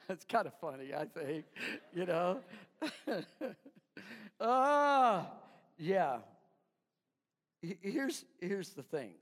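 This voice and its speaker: A man preaching a sermon, telling a story with chuckles and halting restarts. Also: high voice, very animated, a bit bright, long reverb tail. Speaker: pastor.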